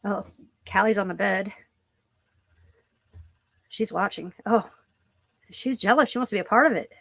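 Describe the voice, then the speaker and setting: A woman's voice: medium pitch, moderate pace, gravelly, a bit bright, dry recording. A woman vlogging casually from home at her computer, rambling with lots of fillers and cooing at her cat. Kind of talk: casual chat to camera. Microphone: computer microphone.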